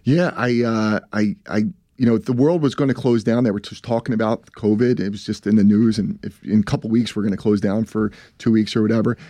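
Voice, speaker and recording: A man's voice: fairly low pitch, fairly even intonation, brisk, hardly any pauses, warm tone, no echo. A man, a business founder telling his story in a casual interview, rambling and repeating himself as he acts out what others said.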